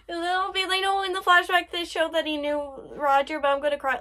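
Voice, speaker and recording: High-pitched woman reacting to anime. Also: normal speed, fairly bright tone. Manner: gushing, exclaims often, squeals when moved. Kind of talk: excited anime reaction commentary.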